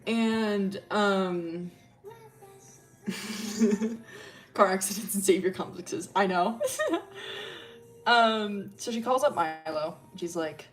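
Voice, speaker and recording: A woman's voice: mid-range voice, takes it slowly, pauses often, soft background music. Rambling woman streamer telling a story. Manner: rambling, swears a lot, fillers and laughter. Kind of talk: casual storytelling about characters.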